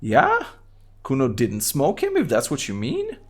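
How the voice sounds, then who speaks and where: A man with a Bulgarian accent voicing a crude, belligerent street kid boy in a high, squeaky put-on voice for a game read aloud on stream. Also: wildly swooping pitch, a little slow, exaggerated voice. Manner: crude, belligerent, talks about himself in third person. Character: foul-mouthed scrappy street kid boy.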